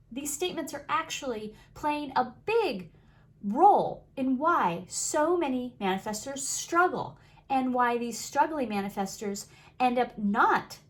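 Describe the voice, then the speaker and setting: A woman with a fairly high, very animated voice gives a motivational talk on manifesting. She leans into key words, drawing them out and repeating phrases for emphasis. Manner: expressive, emphatic, repeats phrases with slow stresses. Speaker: manifesting coach.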